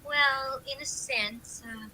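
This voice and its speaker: A woman's voice: high voice, steady tone, slow pace. An actress playing a polite, flustered young woman in a 1970s sitcom. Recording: noisy broadcast recording.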